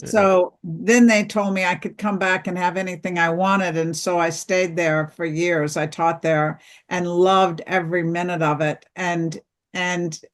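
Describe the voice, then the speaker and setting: A middle-aged woman, an author and interview guest, telling a personal story slowly and earnestly, acting out the dialogue. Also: lowish voice, steady tone.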